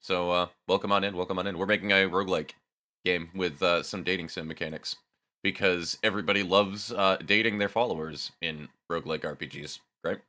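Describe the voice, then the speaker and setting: Sharp, bright-toned male streamer. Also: deep voice, fairly even intonation, fairly quick. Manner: loose, swears freely, talks to chat. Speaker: game developer live streamer. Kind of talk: casual live stream chat.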